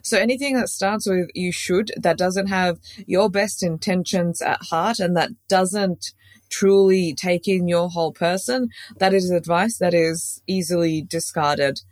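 A woman's voice: lowish voice, dry recording. A woman from Australia, a safety consultant and coach, talking frankly as a podcast guest and laughing easily. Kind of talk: casual interview chat.

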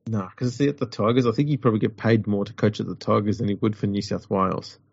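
A man's voice: lowish voice, steady tone, quick pace, gravelly, darkish tone, husky, no room sound. A man, co-hosting a sports chat show, rambling and wry. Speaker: podcast co-host. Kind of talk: casual chat. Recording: dull lo-fi audio.

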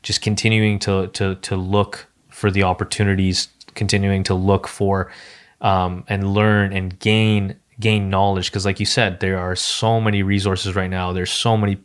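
A low-pitched man in his thirties chats loosely on a podcast. He circles his points and starts sentences over and over, with plenty of fillers, in an unscripted, relaxed way. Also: normal speed, smooth. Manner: rambling, many restarts and fillers. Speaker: podcast host. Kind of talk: casual conversation.

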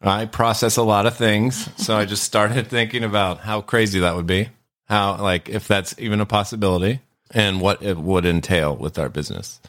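A man in his thirties, co-hosting a podcast and talking in a calm, measured, practical way. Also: lowish voice. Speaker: podcast co-host and producer. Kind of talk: casual podcast chat.

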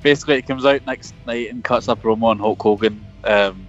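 A man's voice: lowish voice, a little fast, soft background music. Jokey sweary man in his car. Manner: jokey, self-mocking, loose and sweary. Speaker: podcast co-host. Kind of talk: casual chat. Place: parked car. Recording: dull, lo-fi remote call.

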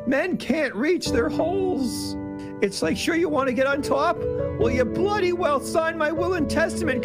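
A man's voice: extremely high pitch, gravelly, full character voice. A man doing a comic impression of an emotional, indignant pundit from Canada, ranting in mock earnest over a music bed.

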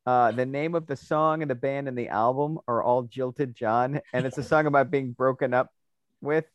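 A man co-hosting a casual discussion, animated and opinionated, often stammering into his points. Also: medium pitch, moderate pace, no room sound, lo-fi sound. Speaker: podcast co-host.

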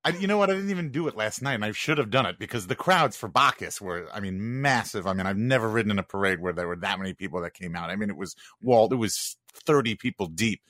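A man, co-hosting a podcast in casual chat and telling lively stories. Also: on the low side, quick pace, hardly any pauses, no room sound, studio quality. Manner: animated storyteller who mimics crowd chants. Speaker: podcast co-host.

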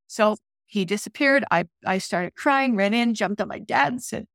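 A middle-aged woman, a podcast guest, telling a personal story in a vivid, animated way over a video call. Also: medium pitch, normal speed, dry recording, clean studio sound.

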